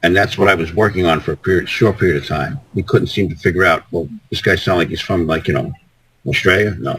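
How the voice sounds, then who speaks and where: A man with a very deep, husky voice. He rambles through his answers, stumbling and restarting his sentences as a guest on a casual call-in talk. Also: quick pace, a bit bright, rough recording. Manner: rambling, repeats words and restarts.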